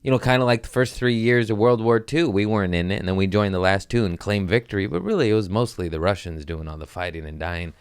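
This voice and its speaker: A man's voice: fairly low pitch, fast, hardly any pauses, smooth. A man hosting a comedy podcast, rambling through crude jokes in a casual monologue, giggling often and slipping into silly voices.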